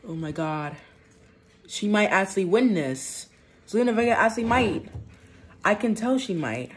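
A woman's voice: medium pitch, animated, normal speed, long pauses, slight background noise. A woman casually narrating a pretend wrestling match, rambling with lots of filler words.

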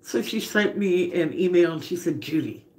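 A woman's voice: fairly low pitch, normal speed, a little mellow, slight background noise. A woman hosting a casual live cooking stream from her home kitchen, chatty, laughing often and greeting viewers by name. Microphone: phone camera.

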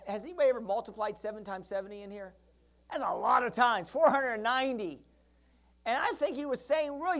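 A pastor preaching a sermon, telling stories and acting out characters, calling out to the congregation for responses and often restarting mid-phrase. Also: mid-range voice. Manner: storytelling, acting out Bible characters; frequent restarts and asides.

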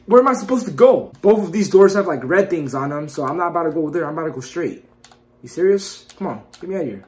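A man recording let's-play commentary on a horror game, jumpy and excitable, yelping at scares and then muttering and trash-talking the game with constant mild cursing. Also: a little high, fairly quick, slight background noise. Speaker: gaming YouTuber.

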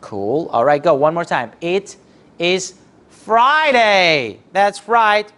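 A man's voice: fairly high pitch, big pitch swings, a little slow, fairly bright tone. A man teaching English to young children online, drilling words in call-and-response with cheerful praise and sometimes singing prompts.

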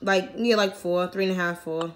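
A young woman from Massachusetts chatting casually on a phone video app, slangy, profane and quick to giggle. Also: on the low side, steady tone. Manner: giggly, slangy, profane, talks straight to viewers. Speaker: vlogger.

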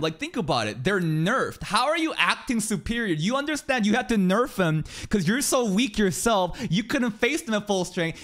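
Excitable, profane male anime reactor. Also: sits high. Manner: excitable, profane ranting with sudden shouts. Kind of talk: live reaction commentary. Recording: anime soundtrack playing loudly behind. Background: anime episode audio and music playing.

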